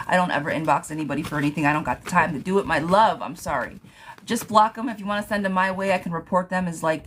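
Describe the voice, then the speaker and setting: A woman's voice: fairly low pitch, a little hiss or hum. A young adult woman giving a casual live tarot reading, chatty, laughing often and swearing lightly. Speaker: tarot reader. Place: home, streaming live.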